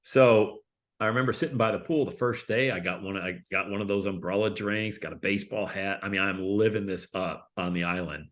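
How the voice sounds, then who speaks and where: A man's voice: on the low side, fairly quick. A man speaking as a guest in a casual interview, telling his stories in a loose, conversational way. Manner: animated, acts out quoted voices, loose and conversational. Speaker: guest, public speaker and coach.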